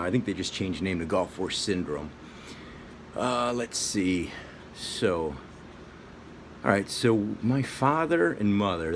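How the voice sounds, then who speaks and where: Middle-aged man, deep voice, rambling casual monologue, faint background hiss. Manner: rambling, goes off on tangents. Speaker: vlogger.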